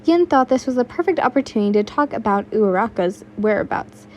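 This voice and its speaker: A woman's voice: fairly high pitch, animated, brisk, hardly any pauses, a little mellow, lo-fi sound, slight background noise. A young woman reading fan fiction aloud in a casual way, stumbling now and then and adding her own asides. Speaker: fanfiction reader.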